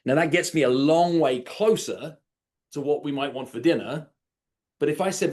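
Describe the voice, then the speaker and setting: A man coaching real estate agents on an online call, lively, acting out sample conversations in quoted voices. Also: a little high, normal speed. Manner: animated, acts out sample dialogues. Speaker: sales coach. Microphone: video call.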